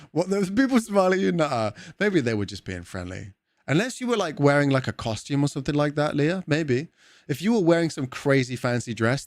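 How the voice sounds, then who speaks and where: A man's voice: medium pitch, a little mellow, dry recording, studio quality. A man chatting casually with viewers on a game livestream, rambling, swearing and laughing easily. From Wales. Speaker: gaming streamer.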